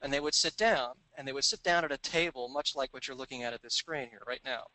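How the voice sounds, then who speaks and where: A middle-aged man giving a business talk, telling stories and acting out the dialogue in quick voices. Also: medium pitch, pushed and bright, no room sound, low-quality recording. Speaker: business speaker. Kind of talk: recorded seminar talk.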